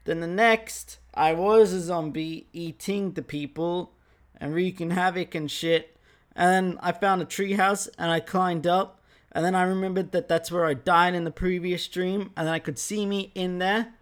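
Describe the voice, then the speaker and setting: A young man hosting a podcast, telling a story casually, animated, swearing and laughing often. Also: high-pitched, normal speed. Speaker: podcast host.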